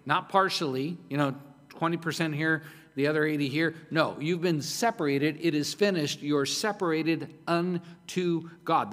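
A man's voice: a little high, fairly bright tone. A man preaching a sermon as pastor, emphatic and conversational, often repeating himself. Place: church hall. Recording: long hall reverb.

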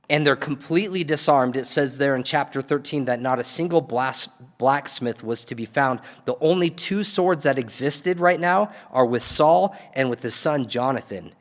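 A man preaching a sermon, retelling a story in a loose, conversational way with quick asides. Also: mid-range voice, in a large hall.

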